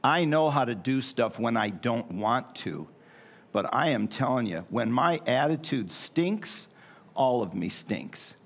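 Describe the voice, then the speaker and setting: A man's voice: mid-range voice, very animated, measured pace. A middle-aged man preaching a sermon in a church in a folksy, joking way with playful asides. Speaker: pastor. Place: church sanctuary.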